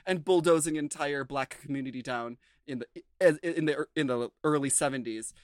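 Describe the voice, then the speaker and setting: A man's voice: fairly high pitch, fairly quick, no echo. A man from the United States chats loosely through a show recap on a podcast. He rambles, restarts and fills his sentences with "like" and "um". The recording is dry and close. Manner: chatty, rambling, full of fillers and restarts. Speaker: podcast co-host. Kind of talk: casual chat recapping a TV show.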